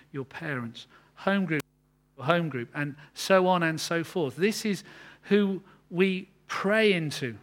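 A man preaching a sermon, earnest, building to emphatic peaks and then dropping low. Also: a bit bright.

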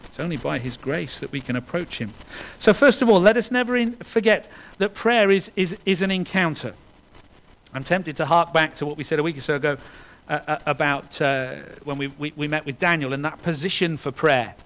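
Earnest preacher, high voice. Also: male voice, brisk, low-quality recording. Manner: earnest, swinging between loud emphasis and hushed lines, with restarts. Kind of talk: sermon.

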